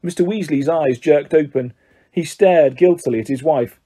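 A man reading a children's story aloud as narrator, in an expressive, animated way. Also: fairly high pitch, moderate pace, slightly rough. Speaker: audiobook narrator. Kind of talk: scripted narration.

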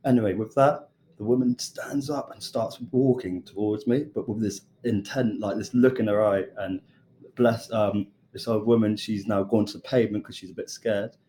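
Young British male chef, casual storyteller, low relaxed voice, acts out dialogue. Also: normal speed, slight background noise. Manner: animated storyteller acting out quoted voices. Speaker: chef and podcast guest.

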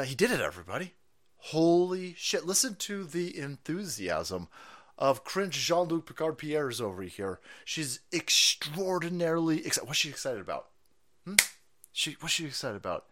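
A man hosting a live stream, ranting in profane commentary, mocking and laughing often, breaking into loud excited outbursts. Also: mid-range voice. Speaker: livestream host.

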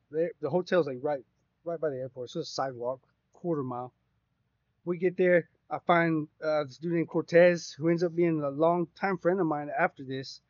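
This podcast co-host's voice is on the high side as he animatedly recounts a meandering, profane tale in casual conversation. There's no echo, and the audio is dry and a bit dull.

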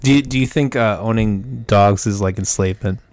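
Podcast host: a man with a gravelly, lowish voice, laid-back and wry, recorded dry. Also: moderate pace, darkish tone, dry recording. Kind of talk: casual chat.

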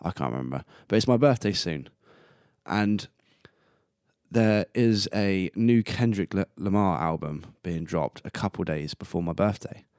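Young man, 20s, solo podcast host: very deep voice, dry close-mic sound, rambling and self-amused. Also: lively intonation, measured pace, darkish tone, clean tone, no room sound. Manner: rambling and self-amused, laughing at his own jokes. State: coughing and burping now and then. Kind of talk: casual solo podcast monologue.

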